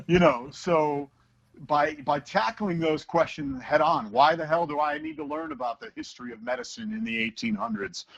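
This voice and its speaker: Male teacher as guest, animated raconteur, slightly high and gravelly, dull call sound. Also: moderate pace. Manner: animated storyteller who acts out voices. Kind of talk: casual interview talk.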